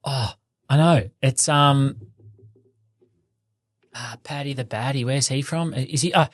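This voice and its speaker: A man's voice: medium pitch, a little slow, no room sound. A man co-hosting a casual podcast chat, easygoing and joking, often poking fun at himself. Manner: easygoing, joking, self-mocking. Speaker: podcast co-host. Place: home in Melbourne.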